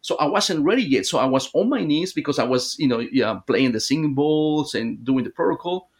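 A man's voice: on the high side, lively intonation, brisk. Rambling man telling a story. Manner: rambling, with many fillers and restarts. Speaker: guest hypnotherapist. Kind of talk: casual storytelling in conversation.

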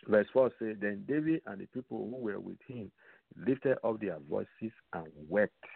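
A man teaching from the Bible on a radio program, slow and repetitive, putting rhetorical questions to his listeners. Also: on the low side, vocal fry, dry recording. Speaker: radio preacher. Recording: tinny phone-line sound, dry.

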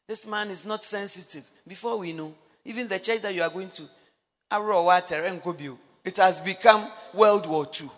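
A middle-aged woman preaching on marriage, telling a story with animated acted-out dialogue and bursts of laughter. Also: lowish voice. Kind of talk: sermon. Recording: long hall reverb.

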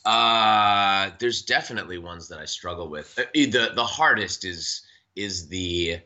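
A man who works as a voice actor, chatting in an interview and thinking out loud with frequent restarts and fillers. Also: low voice, dull audio. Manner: thoughtful, halting with many restarts and fillers. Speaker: voice actor guest. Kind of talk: casual interview chat.

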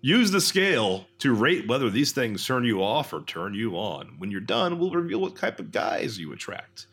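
Young male podcast co-host, blunt and boastful, bright tone. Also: medium pitch, sing-song, normal speed, slightly rough. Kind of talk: casual comedic chat.

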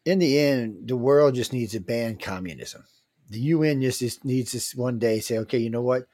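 A man's voice: medium pitch, normal speed, a little mellow, no room sound, clean studio sound. A man co-hosting a casual news chat, talking in a rambling, opinionated, folksy way. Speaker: show co-host.

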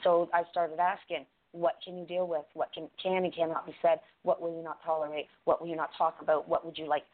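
A woman's voice: deep voice, flat delivery, a little fast. A woman co-hosting a podcast, talking in a blunt, profane, rambling way. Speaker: podcast co-host. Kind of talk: casual podcast chat. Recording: tinny phone-line call-in audio.

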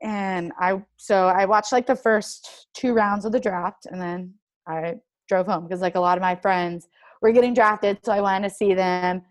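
A young woman, a pro athlete, telling her story in a casual interview, animated and filling her speech with "like". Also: medium pitch, unhurried. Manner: animated, heavy use of "like", acts out quoted dialogue. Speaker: guest, professional soccer player.

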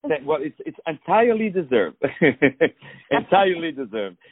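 An effusive man hosts a radio interview in a slightly higher voice, piling on praise and stumbling over repeated words. The sound is dry and tinny like a phone line. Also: vocal fry, slightly rough, dry recording. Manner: effusive, flattering, halting with fillers. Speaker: radio show host.

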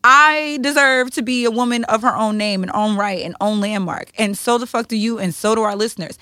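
A woman's voice: on the high side, fairly quick, pushed and bright, no echo. Blunt, profane woman podcaster, dry close mic. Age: 30s. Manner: blunt, profane, emotional and confessional. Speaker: podcast co-host. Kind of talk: candid podcast conversation.

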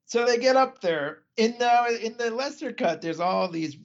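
Recapping a movie plot on a casual podcast, a male co-host speaks at a moderate pace in an extremely high, animated voice. His rambling summary is full of fillers, asides, and laughter. The sound is dull and lo-fi.

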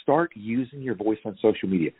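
A man's voice: lowish voice, brisk, slightly rough, no room sound, phone-quality sound. A man speaking as an interview guest, fiery and ranting, his voice surging up on key points. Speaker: guest activist. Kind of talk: impassioned podcast interview.

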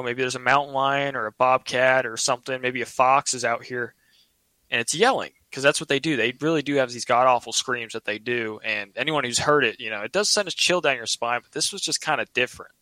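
Guy telling a story, bright tense voice, dry close sound, keeps restarting himself. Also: medium pitch, fairly quick, dry recording, poor audio. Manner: earnest, rambling, with frequent restarts. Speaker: guest telling a personal story. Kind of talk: casual storytelling.

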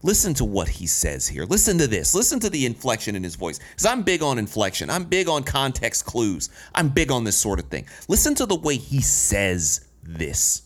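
A man in a commentary video, talking in an indignant, sarcastic way and swearing freely. His pitch rises and falls a lot as he pushes his points. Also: huge pitch swings, moderate pace, hardly any pauses. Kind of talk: commentary vlog.

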